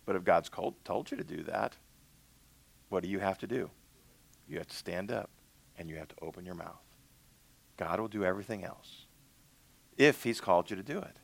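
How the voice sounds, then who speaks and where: A man's voice: low voice, brisk, vocal fry, pauses often. A male minister preaching a conversational sermon, acting out little dialogues with God.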